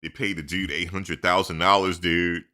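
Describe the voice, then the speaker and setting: A man with a low-pitched voice and a bright, forceful edge hosts a casual live chat. He talks loose and animated, heavy with slang and "dude", like he's chatting with friends. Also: normal speed. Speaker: live stream host.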